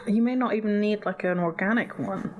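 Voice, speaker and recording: Woman podcast cohost, medium pitch, laid back, tosses in jokey asides. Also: a little fast, a little hiss or hum. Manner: relaxed, joking asides. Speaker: podcast co-host. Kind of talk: casual chat.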